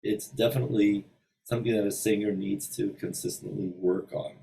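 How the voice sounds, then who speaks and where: A man giving an informal singing lesson in a hotel room, thinking aloud with many pauses and breaking into short sung examples. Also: lowish voice, fairly even intonation, creaky, mellow, distant mic, low-quality recording. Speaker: voice teacher.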